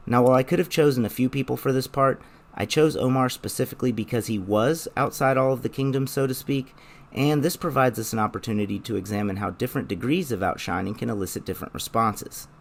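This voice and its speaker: A young man narrating a scripted video essay in a measured, explanatory way. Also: mid-range voice, creaky.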